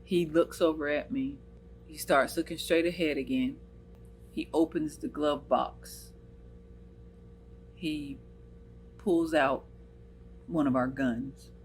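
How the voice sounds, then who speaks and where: Slow and pausing often, a low, steady female voice carries this earnest, emotional personal story from an American channel host who quotes what people said. A little hiss or hum runs under the recording.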